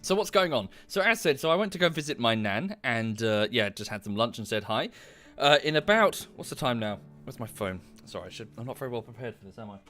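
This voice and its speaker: A British man talking casually to his stream audience from a home desk microphone. His pitch sits in an ordinary middle range, and he rambles politely with plenty of fillers and quick thank-yous. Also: expressive, bright, forceful tone, faint music behind. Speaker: livestreamer.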